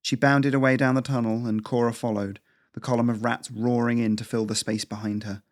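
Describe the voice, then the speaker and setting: A man reading an animal adventure story aloud as an audiobook narrator, in a steady, measured way. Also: mid-range voice.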